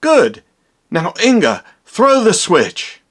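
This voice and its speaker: A man's voice: sits high, huge pitch swings, slow pace, heavily acted. A man playing a vain, dramatic young doctor in a comedy parody, with theatrical, exaggerated delivery. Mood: commanding.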